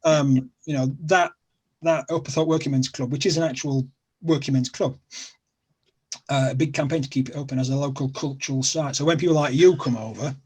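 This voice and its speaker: A man's voice: mid-range voice, steady tone, a little fast, darkish tone, husky. A middle-aged man from England with a Sheffield accent, a guest in a casual chat, rambling and repeating himself with plenty of fillers. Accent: Sheffield, South Yorkshire.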